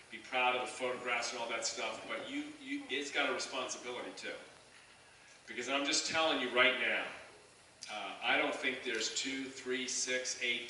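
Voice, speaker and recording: A man's voice: mid-range voice, sharp tone, slight background noise. Earnest man speaking in an echoey hall. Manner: earnest storytelling with many restarts and fillers. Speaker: guest speaker at a high school assembly. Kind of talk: heartfelt speech to students. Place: large school gym or auditorium. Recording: echoey hall from far off, crowd.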